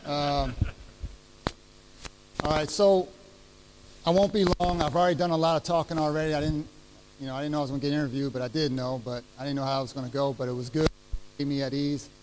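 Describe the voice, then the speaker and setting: A middle-aged man speaking at a retirement ceremony, heartfelt and halting as he restarts his sentences. His voice sits fairly high for a man, and a faint hum lies under it. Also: fairly even intonation, darkish tone, poor audio. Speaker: retiring chief master sergeant giving a speech. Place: ceremony venue.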